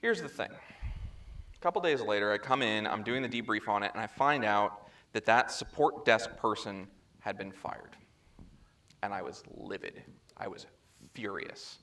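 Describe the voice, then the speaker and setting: A man presenting at a security chapter meeting, telling a story in a lively way and acting out the dialogue, speaking into a handheld microphone. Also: lowish voice, a little slow. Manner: animated storyteller who acts out quoted dialogue. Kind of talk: conference talk, storytelling. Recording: echoey room, faint background noise.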